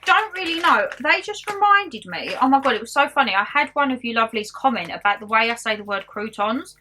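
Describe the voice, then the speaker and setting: A young haul vlogger with a blended Essex and Geordie accent chats bubbly and rambling to camera about her shopping. Her voice is fairly high, expressive and sharp, a little fast, with slight hiss or hum in the audio.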